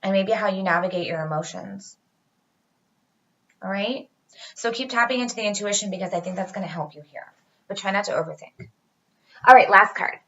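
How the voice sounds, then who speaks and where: A woman's voice: medium pitch, a little fast, pauses often, sharp tone, highs cut off. A woman giving a casual tarot reading to her viewers, chatty and reassuring, talking straight to them. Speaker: tarot reader.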